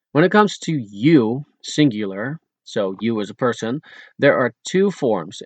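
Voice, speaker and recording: A man reads a grammar lesson for an audiobook, explaining each point plainly and slowing down over the example words. His voice sits at an ordinary pitch, and the recording is close and dry. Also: dry recording. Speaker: audiobook narrator teaching Dutch. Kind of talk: read-aloud language lesson.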